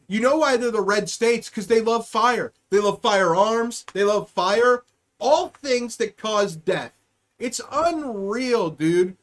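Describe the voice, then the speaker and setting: A young-adult podcast host rants on a live stream, heavy with profanity and sarcasm. The voice sits mid-range in pitch and jumps between loud bursts and low mutters. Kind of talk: ranting satirical commentary on a live stream.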